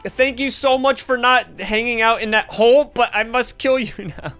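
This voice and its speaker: A bright, high-voiced young man talks over his gameplay, teasing the other players and breaking into quick laughs and sudden yelps. His tone is sharp and lively. Faint game music plays behind him. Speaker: gaming YouTuber. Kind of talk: excited gameplay commentary.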